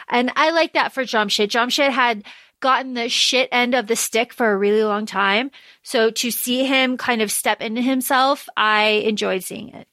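A woman with a high, bright voice talks through a book on a podcast, chatty and animated, slipping into quick quoted asides. The sound is close and dry, with no room around her. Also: dry recording. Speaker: podcast co-host. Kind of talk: casual book discussion.

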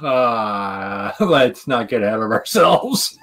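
A man's voice: medium pitch, animated, takes it slowly, a bit bright. A man co-hosting a podcast, chatting casually and tossing out dry, crude one-liners. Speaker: podcast co-host. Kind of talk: casual banter among friends.

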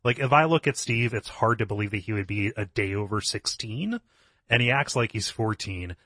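Man, podcast co-host, fairly low voice, analytical casual talk, dry close sound. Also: normal speed, sharp tone, dry recording. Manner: analytical, repeats words while thinking. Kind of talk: casual video game discussion.

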